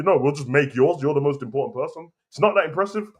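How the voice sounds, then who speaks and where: A man with a fairly high voice talks quickly, hosting a casual wrestling opinion show. Speaking straight to camera, he rants and argues his point heatedly, repeating himself again and again.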